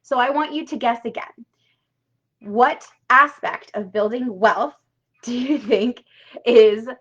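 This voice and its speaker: A woman leads a live online workshop in a chatty, emphatic way, dropping casual swears and checking in with "right?" all the time. Her voice sits a little high, and the stream audio sounds dull and lo-fi. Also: slow, a bit bright, husky. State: tearful at times. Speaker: money coach hosting a live workshop.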